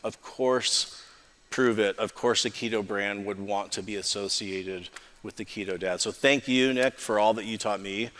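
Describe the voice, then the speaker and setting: Enthusiastic low-voiced male host. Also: fairly even intonation, moderate pace, a bit bright. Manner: enthusiastic, repeats "absolutely", restarts often. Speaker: podcast host. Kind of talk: conversational interview. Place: event stage with live audience. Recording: long reverb of a hall.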